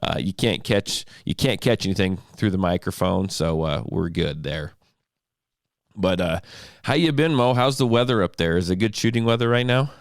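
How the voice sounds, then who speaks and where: A man hosts his podcast with a low, gravelly voice, roughened by a cold. He rambles through casual chat and laughs easily. The sound is dry and close. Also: moderate pace, dry recording. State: has a cold. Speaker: podcast host. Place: home studio room.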